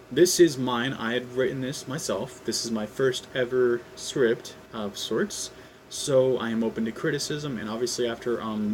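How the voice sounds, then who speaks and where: A man reading his own fan script aloud in a casual, hesitant way, full of ums and throat clearing. His pitch sits mid-range for a man. Faint background noise runs under the recording. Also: low-quality recording. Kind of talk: casual read-aloud narration.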